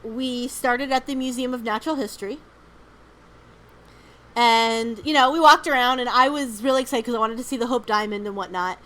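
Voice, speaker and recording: A woman's voice: fairly high pitch, moderate pace, bright, forceful tone, poor audio. A woman co-hosting a podcast, telling rambling stories in casual chat, with lots of "um" and "like" and free swearing. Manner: rambling storyteller, frequent "um" and "like", swears freely. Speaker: podcast co-host.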